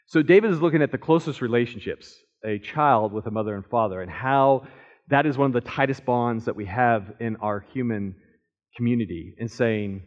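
A man's voice: medium pitch, normal speed. A man teaching from the Bible in a sermon style, earnest and emphatic, voicing the psalmist's pleas in first person. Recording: muffled lo-fi recording.

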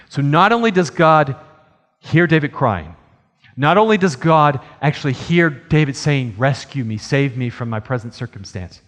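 Earnest preacher in a reverberant hall. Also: male voice, mid-range voice. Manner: earnest, swells in emphasis and slows on key phrases. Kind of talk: sermon.

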